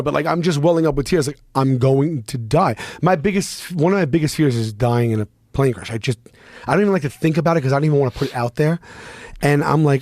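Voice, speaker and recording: A man on a podcast telling a story casually, animated and profane, often restarting his sentences. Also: mid-range voice, fast, no room sound, studio quality. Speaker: podcast guest.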